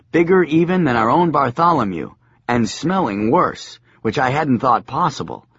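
A male audiobook narrator with a husky voice and a lively, varied pitch. His delivery is dry and deadpan. The recording is close and slightly dull. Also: no echo. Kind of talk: audiobook narration, comic novel.

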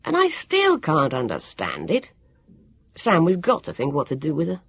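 A woman reading aloud, voicing a clever boy who explains his plans in a brisk, lordly way. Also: low voice, wildly swooping pitch, vocal fry, husky, dry recording, clean studio sound, exaggerated voice.

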